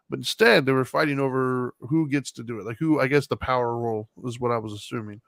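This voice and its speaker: A man in his thirties co-hosting a podcast, telling a long personal story in a relaxed, rambling way with many fillers. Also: medium pitch, a little fast, creaky, dry recording. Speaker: podcast co-host. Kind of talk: casual chat, storytelling.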